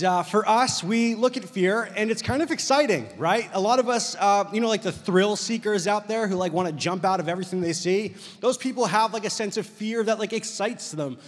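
A man with a high, bright-toned voice preaches casually to his congregation. He tells his stories in an animated, rambling way, with plenty of "like" fillers. His voice carries a long reverb from a large hall. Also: slightly rough. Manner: animated storyteller, heavy use of "like". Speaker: pastor. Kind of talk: casual conversational sermon.

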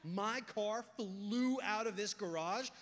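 A young man preaching a sermon, talking casually and telling stories, going from hushed to loud and excited. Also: high-pitched, takes it slowly. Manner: conversational, storytelling, swings from hushed to loud and excited. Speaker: pastor. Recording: long hall reverb.

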